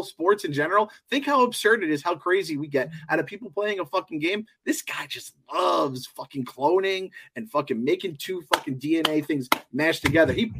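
A fairly high-voiced man talks loosely on a podcast, his delivery animated and peppered with profanity. He laughs easily and keeps the tone rough and conversational. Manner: animated, laughing, heavy swearing. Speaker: podcast host. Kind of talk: casual chat.

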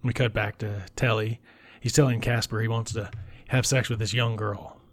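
A man giving a casual recap of a film, talking bluntly with profanity and dropping into breathy whispered asides. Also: lowish voice, level tone, moderate pace. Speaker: film reviewer.

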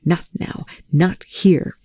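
Narrator as terse military man, hissing and snapping; mellow and dry. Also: slow, dry recording, lightly acted. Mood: tense, hushed. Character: tense blunt male military officer. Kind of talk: audiobook reading of fan fiction.

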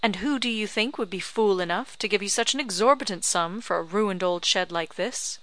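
A woman's voice: medium pitch, normal speed, fairly bright tone, no room sound, lightly acted. A woman reader voicing a curt, dismissive scheming man.

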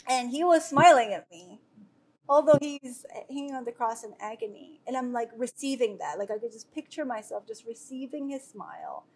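A woman's voice: a little high, expressive, normal speed, darkish tone, slightly rough. A woman earnestly sharing a personal faith testimony with viewers, talking loosely with many fillers and restarts. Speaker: speaker sharing a devotional.

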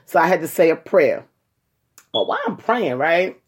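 A woman telling a personal story to her viewers in a casual, animated way, talking straight to them and acting out what people said. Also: low voice, moderate pace, husky. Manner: animated, acts out quoted voices; colloquial, addresses listeners as y'all.

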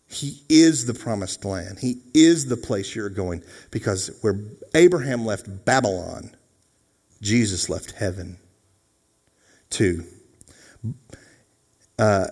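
A male pastor preaches with lively, humorous energy, slipping into acted-out voices. His voice sits at an ordinary pitch and carries a long hall reverb. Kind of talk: sermon.

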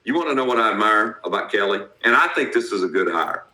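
A man with a strong Southern accent, co-hosting a casual sports podcast in a blunt, salty, animated way. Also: fairly low pitch, quick pace, echoey room, crowd noise, low-quality recording. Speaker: podcast co-host.

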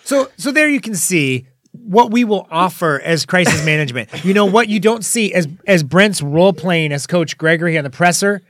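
A man with a slightly raspy voice co-hosting a comedy podcast, talking in a salesy, mock-corporate way. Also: high voice, expressive, moderate pace, few pauses, fairly bright tone, dry recording. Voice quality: a little raspy. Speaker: podcast co-host.

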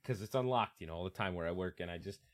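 A man's voice: deep voice, fast talker. A young man, a podcast co-host, telling stories in casual chat while laughing and swearing a lot.

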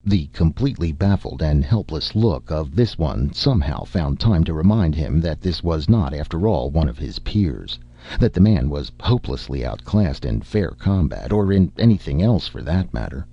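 A man reading a story aloud as a narrator, in measured scripted narration. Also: very deep voice, animated, warm tone, slightly rough, highs cut off. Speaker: audiobook narrator.

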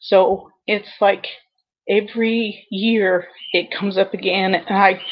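A woman dispatcher telling a personal story over a video call, earnest and halting with many pauses. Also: medium pitch, highs cut off. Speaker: 911 dispatcher guest.

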